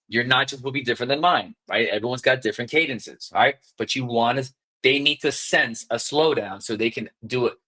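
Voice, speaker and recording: A man coaching real estate agents on sales calls in a live session, talking fast and emphatically and acting out call scripts. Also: medium pitch, sharp tone. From South Florida.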